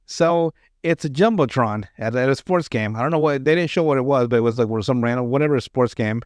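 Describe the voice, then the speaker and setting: A man's voice: mid-range voice, fairly quick, no room sound. A man hosting a podcast, retelling comedy sketches in casual chat, rambling and profane, with lots of restarts. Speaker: podcast host.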